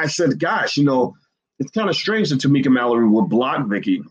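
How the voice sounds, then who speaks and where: Husky man ranting commentary. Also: medium pitch, rough recording. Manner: heated, repetitive, ranting with sudden loud outbursts. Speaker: online commentator. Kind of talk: casual spoken commentary.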